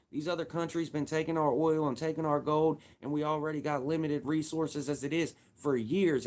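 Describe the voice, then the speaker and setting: A man's voice: medium pitch, a little mellow. Man in his thirties ranting profanely. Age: 30s. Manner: profane, heated, repetitive, emphatic. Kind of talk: casual political rant.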